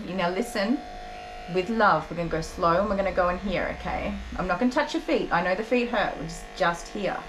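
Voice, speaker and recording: A young woman dog groomer talking gently and coaxingly to a nervous dog while she works, openly emotional and tender. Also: medium pitch. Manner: gentle, coaxing, soft-spoken. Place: grooming salon, indoors. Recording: clipper buzz and background noise.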